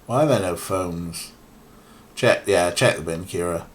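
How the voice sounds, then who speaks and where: A Welsh streamer with a low, slightly slow voice and a mild accent chats casually over the game he's playing, joking and tossing asides to his chat. There's a little hiss or hum in the background of this let's-play commentary.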